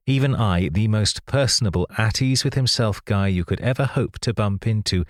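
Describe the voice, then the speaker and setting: A man reading a first-person audiobook in a measured, wry storytelling manner. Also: low voice, no room sound, clean studio sound. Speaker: audiobook narrator.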